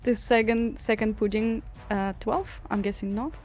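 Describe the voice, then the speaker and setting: A woman playing a tabletop game, calmly calling out her rolls. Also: fairly high pitch, moderate pace, faint music behind. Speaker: player. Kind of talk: casual play at the table.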